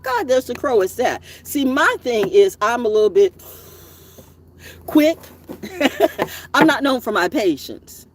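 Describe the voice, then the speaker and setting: A woman holding forth in a profane, scolding rant. Her pitch leaps up and swoops down all the time. She rambles and doubles back on her points, jabbing at her listeners as she goes. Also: very animated, normal speed. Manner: rambling, repeats herself. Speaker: spiritual vlogger. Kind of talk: ranting monologue to camera.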